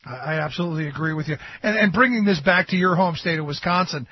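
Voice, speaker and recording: A man's voice: on the high side, fast talker, breathy edge. A man hosting a radio interview, talking in a conversational, agreeable way with casual asides. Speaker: radio host. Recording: dull, dry lo-fi radio sound.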